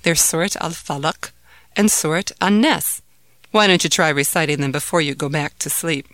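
A woman's voice: low-pitched, moderate pace, fairly bright tone, no room sound. A woman voicing a playful, reassuring father who talks soothingly. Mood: gentle. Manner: soothing, teasing. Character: warm playful father reassuring his son.

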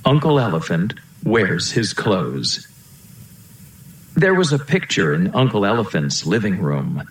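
A man narrating a children's storybook aloud in a steady, storytelling way, in a roomy-sounding recording. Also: on the low side, a little slow. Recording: roomy echo.

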